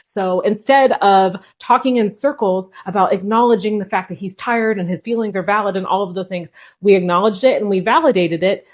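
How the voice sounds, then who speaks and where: A woman's voice: medium pitch, brisk, muffled recording. A woman, a parenting creator, talking earnestly and persuasively in a casual, conversational way straight to her viewers. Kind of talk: casual explanatory talk to camera.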